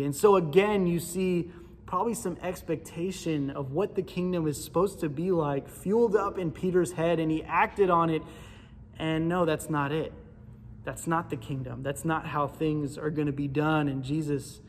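Animated man preaching in a reverberant hall. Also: fairly high pitch, unhurried, slight background noise. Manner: conversational, animated storytelling. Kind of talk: sermon. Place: church sanctuary.

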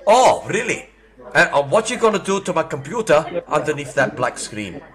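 A man in his sixties with an Australian accent, baiting a scam caller with crude, mocking insults and sudden furious shouting. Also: on the high side, big pitch swings, moderate pace. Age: 60s. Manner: foul-mouthed, mocking, bursts into furious shouting. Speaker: scam baiter. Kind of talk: crude prank call.

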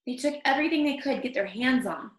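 A woman reading a picture book aloud to children, expressive, stopping to comment on the story. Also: high-pitched, fast. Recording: echoey room.

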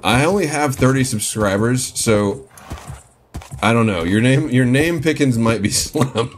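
A man's voice: mid-range voice, unhurried, a little hiss or hum. A man casually commenting on his own gameplay, joking and talking to his game horse. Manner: playful, talks to his game horse in mock apology. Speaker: gaming channel host.

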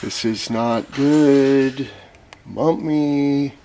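A man's voice: medium pitch, very slow, mellow. A young man with an ordinary mid-range voice rambles through a workshop job, cracking jokes and swearing constantly. A light hiss sits under his talk. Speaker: vlogger. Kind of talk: profane casual chat while working.

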